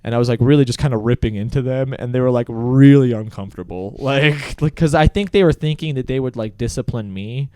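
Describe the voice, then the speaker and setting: A man on a casual comedy podcast, telling a long work story with lots of swearing and loud bursts of laughter. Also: mid-range voice, fairly quick, hardly any pauses, smooth, no echo, clean studio sound. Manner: animated storyteller, swears freely, laughs loudly at his own story.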